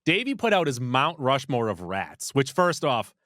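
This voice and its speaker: Lively, jokey male podcast co-host. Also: medium pitch, normal speed, no room sound, studio quality. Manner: playful, jokey, rattles off lists. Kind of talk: casual chat.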